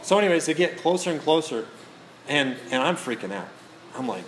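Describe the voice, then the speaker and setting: A man's voice: on the high side, lively intonation, fairly quick, slight background noise. A middle-aged male pastor giving a sermon, telling stories with self-mocking humor and quoting scripture.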